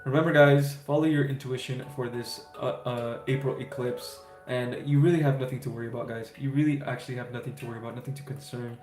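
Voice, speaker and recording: A man's voice: medium pitch, steady tone, quick pace, few pauses. A man hosting a casual spiritual livestream, answering viewers' questions in an easygoing, reassuring way with many fillers and "right?" tags. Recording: roomy echo with faint music.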